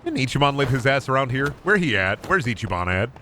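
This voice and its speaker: Loud goofy male streamer. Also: medium pitch, very animated, fast talker, slight background noise. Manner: loud, goofy, swearing, bursts into yelling. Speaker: streamer playing a video game. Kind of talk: live game commentary. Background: game music.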